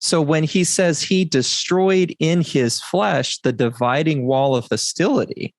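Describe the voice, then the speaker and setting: Deliberate, emphatic male podcast teacher. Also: fairly high pitch, no room sound. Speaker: podcast host.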